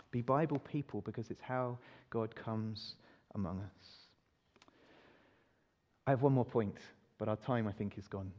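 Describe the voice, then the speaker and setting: A man's voice: fairly low pitch, normal speed, a little mellow. A male preacher giving a sermon, emphatic, often putting rhetorical questions to his listeners. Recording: dull recording in a reverberant hall.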